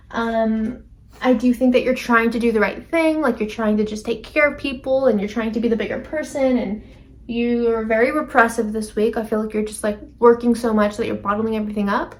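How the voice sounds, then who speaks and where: A woman giving a casual tarot reading to camera, rambling with lots of fillers and self-corrections. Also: a little high. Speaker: tarot reader.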